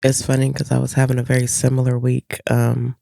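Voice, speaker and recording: A woman's voice: extremely low pitch, brisk, gravelly, no room sound, studio quality. A middle-aged woman co-hosting a casual chat, telling family stories and acting out her kids' lines. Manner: animated storytelling, acting out family members' lines. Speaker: co-host.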